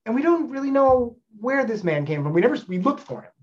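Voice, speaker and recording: A man's voice: extremely high pitch, quick pace, lo-fi sound. Rambling storyteller man in his thirties. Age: 30s. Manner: rambling with frequent fillers and restarts, animated storyteller. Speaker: stage actor guest. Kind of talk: casual anecdote telling.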